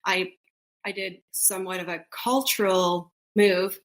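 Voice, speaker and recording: A middle-aged woman co-hosts a casual, conversational podcast, speaking a little slowly in a mid-range voice. She tells stories animatedly, acting out quoted voices and laughing.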